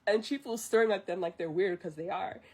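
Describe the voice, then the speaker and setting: A woman streamer reciting a film from memory, animated, laughing, pausing to recall. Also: mid-range voice, slightly rough. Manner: animated, laughing, stops to remember.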